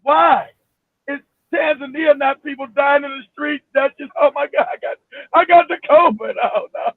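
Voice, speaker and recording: A man with a very high, gravelly voice rants heatedly at his live-stream audience, swearing freely and breaking into shouts. The sound is narrow and phone-like, dry and close, with no room around it. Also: moderate pace, no room sound. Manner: emphatic, profane, bursts into shouting; repeats himself, many restarts. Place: home in Florida.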